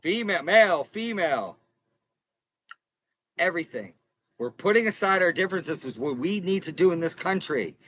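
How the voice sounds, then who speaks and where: A man's voice: fairly high pitch, expressive, fairly quick, a bit bright, no room sound, poor audio. A man hosting a casual livestream from inside an RV, talking earnestly to viewers in a rambling way, repeating and restarting phrases. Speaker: livestream host and consumer advocate.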